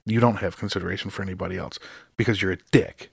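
A man's voice: low-pitched, steady tone, fast talker, gravelly, breathy edge, no room sound, studio quality. A man hosting his own podcast, ranting about everyday annoyances with constant swearing and exasperated outbursts. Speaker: podcast host. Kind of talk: profane solo rant.

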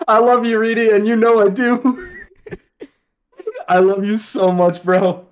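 A man's voice: high-pitched, takes it slowly, a little hiss or hum. A young man in his twenties, a soldier chatting casually on a podcast, emotional and laughing, heavy on swearing. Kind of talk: casual chat.

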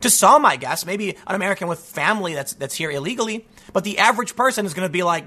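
A man giving an animated, sarcastic political commentary, talking casually and sounding a bit stuffy from allergies. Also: sits high, fast talker, hardly any pauses, slightly rough. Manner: animated and sarcastic, with frequent mocking voices. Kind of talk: casual opinion monologue.

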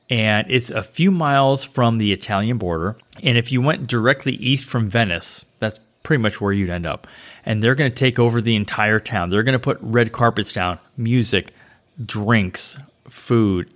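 Man, travel co-host, deepish voice, chatty, animated. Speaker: travel podcast co-host and travel agent. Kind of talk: casual chat.

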